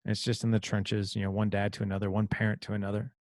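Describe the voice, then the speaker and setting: A man in his thirties, a podcast host, telling an emotional personal story in a halting, confessional way. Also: lowish voice, completely flat delivery, a little mellow, no room sound, studio quality.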